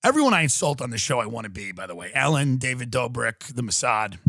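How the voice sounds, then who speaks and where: A man's voice: medium pitch, very animated, fast, vocal fry, bright, forceful tone, no echo, studio quality. A man in his thirties hosting a podcast, ranting sarcastically in a mock-outraged comic style, swearing and acting out quotes. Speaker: podcast host. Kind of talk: comedic rant.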